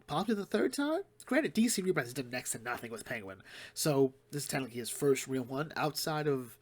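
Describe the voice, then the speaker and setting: A man's voice: mid-range voice, expressive. Man rambling through a comic review. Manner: rambling, retells plots quickly with fillers and restarts. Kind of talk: casual solo commentary.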